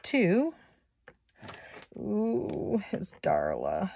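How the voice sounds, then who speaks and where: A woman in her sixties, a savings vlogger, chatting softly and unhurriedly to her viewers as she works through savings challenges at home. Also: medium pitch, huge pitch swings, vocal fry, slight background noise. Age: 60s. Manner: soft-spoken, unhurried, talks to viewers as guys. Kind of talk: slow casual commentary while doing savings challenges. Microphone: phone or camera close on a table.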